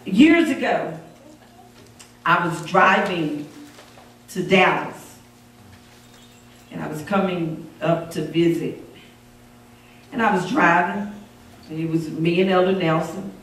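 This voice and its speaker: A woman evangelist preaching a storytelling sermon, animated, moving from low narration to shouted exhortation. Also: slow pace, pauses often. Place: church sanctuary. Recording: echoey church sound from a distance.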